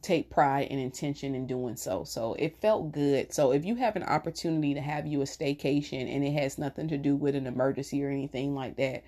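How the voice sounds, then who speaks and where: Speaking a little fast and with few pauses, this middle-aged vlogger has a very deep voice. She tells her viewers stories in a chatty, warm way, punctuated by laughter.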